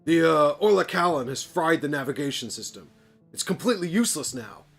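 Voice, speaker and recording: A man's voice: on the high side, expressive, brisk, creaky, breathy edge, faint music behind, voice pushed up, exaggerated voice. A man voicing an exasperated time agent who sounds like he is complaining.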